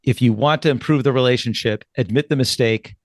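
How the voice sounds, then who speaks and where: A man from Wisconsin with an Upper Midwest accent, co-hosting an advice podcast in a calm, instructive way and acting out sample phrases. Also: mid-range voice, fairly quick, dry recording, studio quality. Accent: Upper Midwest American. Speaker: podcast co-host.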